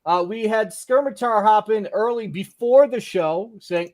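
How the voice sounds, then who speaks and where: A man with a high voice hosts a casual live stream. He reads out chat messages in a loose, joking way, full of fillers and shout-outs. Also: a little slow. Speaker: podcast host.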